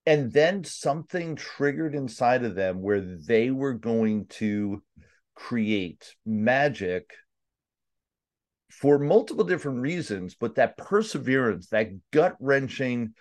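A man's voice: mid-range voice, animated, takes it slowly. Earnest New man hosting a podcast. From Staten Island, New York. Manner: earnest, reflective, with restarts. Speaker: podcast host. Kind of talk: conversational interview.

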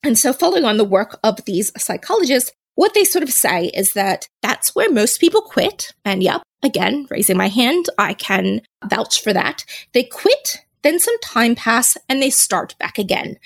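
A woman's voice: fairly high pitch, sing-song, normal speed, creaky. A woman hosting her own podcast, talking casually and laughing at herself. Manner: chatty and self-mocking, laughs at herself. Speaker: podcast host. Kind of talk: casual solo podcast talk.

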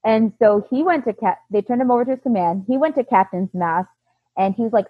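A woman's voice: fairly high pitch, a little fast, slightly rough, no echo. A woman in her thirties, telling her own story in casual talk and acting out the quoted dialogue with animation. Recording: dry, tinny phone-like line.

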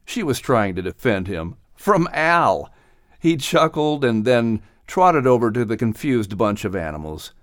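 A man narrating an audiobook with expressive storytelling. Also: on the low side, moderate pace, few pauses, no room sound, studio quality.

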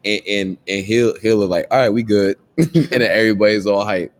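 A young man from Guyana in casual chat, telling the story in halting, slangy bursts with many restarts. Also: on the low side.

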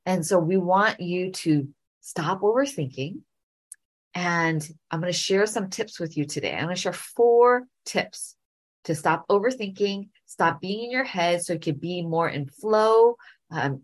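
A middle-aged woman hosting a podcast, telling a story and giving speaking advice in an animated way, often repeating phrases. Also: on the low side, measured pace. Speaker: podcast host and speaking coach.

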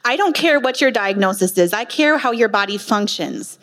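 A woman's voice: medium pitch, lively intonation, moderate pace, a bit bright. A woman nurse practitioner giving a passionate faith-based talk at a women's retreat, with emphatic rhetorical questions. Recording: long hall reverb.

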